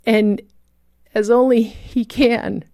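A woman's voice: a little high, steady tone, takes it slowly, dark tone, dry recording, clean studio sound. A woman recounting a dramatic personal rescue story as a guest, vivid and emotional in her telling.

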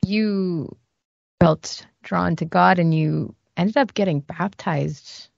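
Woman, interview co-host, very gravelly voice, slow, gentle prompting. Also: lowish voice, no room sound, dull audio. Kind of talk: interview questions.

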